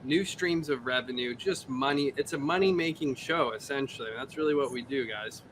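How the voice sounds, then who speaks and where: A man's voice: medium pitch, moderate pace, background noise. A man co-hosting a live podcast over a video call, joking in playful, teasing banter. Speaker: podcast co-host.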